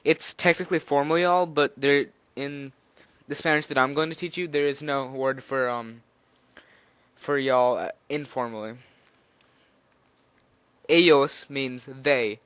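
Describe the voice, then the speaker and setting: Nervous young man teaching, smooth dry voice. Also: medium pitch, fairly even intonation, measured pace, a bit bright, no echo. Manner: nervous, rambling, hesitant with fillers and restarts. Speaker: language teacher. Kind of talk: informal spoken lesson.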